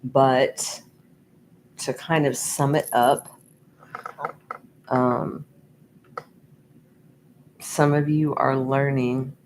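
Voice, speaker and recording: Slow, meandering woman reading tarot cards. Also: a bass voice, a little mellow, a little hiss or hum, low-quality recording. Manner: slow, meandering, with many ums and restarts. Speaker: tarot reader. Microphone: USB microphone.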